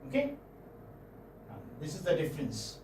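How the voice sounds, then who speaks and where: A male professor with an Indian English accent explains sounds to his class, pausing to check they follow. His voice sits fairly high. It comes from across an echoey room, with faint background hum. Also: wildly swooping pitch, darkish tone, distant mic. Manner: explanatory, checks in with students often. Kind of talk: classroom phonetics lecture.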